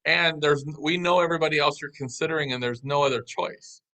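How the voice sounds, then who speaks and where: A man telling a business story as an interview guest, in a lively, anecdotal way. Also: on the high side, a little fast, poor audio.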